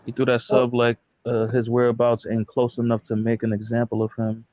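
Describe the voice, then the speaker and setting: A man's voice: mid-range voice, completely flat delivery, fairly quick, a little mellow, no room sound, dull audio. A man co-hosting a casual podcast, dropping joking asides. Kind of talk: casual chat.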